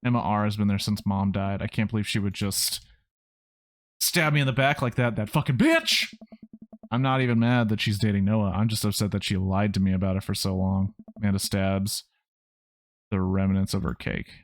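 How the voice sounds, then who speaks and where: A man reading the lines of a hurt, angry teenage girl from a dating game, in his own low voice. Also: level tone, brisk, darkish tone, dry recording, clean studio sound, close to an everyday voice. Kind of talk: reading game dialogue aloud.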